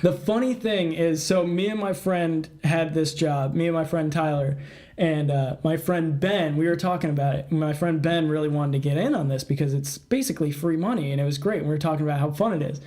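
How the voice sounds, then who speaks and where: A young man with a fairly high voice chats on a podcast. He is an animated storyteller who laughs often and acts out the people in his stories. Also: a little fast. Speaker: podcast co-host. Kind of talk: casual chat.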